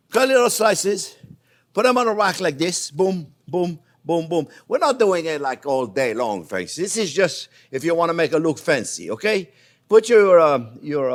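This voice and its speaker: A middle-aged man talks viewers through a recipe in a loose, joking way. His voice sits a little high and swings widely up and down as he chats. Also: sing-song, measured pace. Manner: chatty, playful, often says "friends" and "boom, boom". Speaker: chef host. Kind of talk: casual cooking demonstration.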